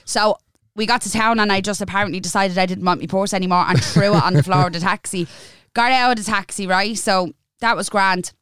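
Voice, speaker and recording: A woman's voice: mid-range voice, brisk, smooth, no echo, studio quality. Irish woman telling a story. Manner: animated storytelling with acted-out dialogue. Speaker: podcast co-host. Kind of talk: casual chat.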